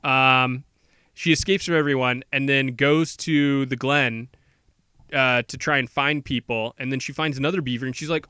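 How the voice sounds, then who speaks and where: Smooth-voiced man recapping a movie. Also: medium pitch, steady tone, pushed and bright, dry recording, clean studio sound. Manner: rambling storyteller, quick quoted character voices. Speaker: podcast co-host. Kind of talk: casual movie recap chat.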